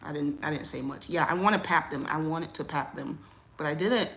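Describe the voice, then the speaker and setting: A woman hosting a casual livestream, telling a story. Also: brisk. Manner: animated, rising loud and high when riled. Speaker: livestream host.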